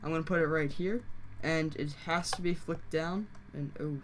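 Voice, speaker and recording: A hoarse game tutorial host who is losing their voice, explaining steps casually with fillers and frequent self-corrections. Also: medium pitch, steady tone, moderate pace, background noise. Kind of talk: casual screen-recorded tutorial.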